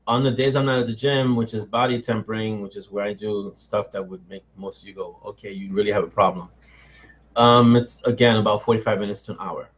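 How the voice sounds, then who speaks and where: A man's voice: lowish voice, little pitch movement, a little fast. Middle-aged guy on a live stream, reading chat and joking around, kinda dull lo-fi audio. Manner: chatty, answers viewers by name, self-mocking. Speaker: author hosting a live chat.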